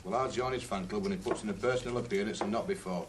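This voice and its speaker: A man's voice: fairly low pitch, rapid-fire, distant mic, noisy background, natural voice. An actor playing a sceptical, dry-humoured Northern English rugby man in a 1970s television drama, with a Northern English accent.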